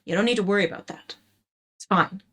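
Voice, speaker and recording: A woman's voice: medium pitch, quick pace, sharp tone, breathy edge. A woman doing a flustered teenage boy. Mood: defensive. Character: defensive teenage boy, son of a cop.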